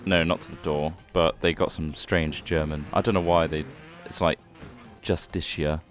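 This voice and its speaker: A man telling a story in casual gaming banter, joking in a dry, deadpan way. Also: rumbling low, moderate pace. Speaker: regular of a gaming video show. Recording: game music in the background.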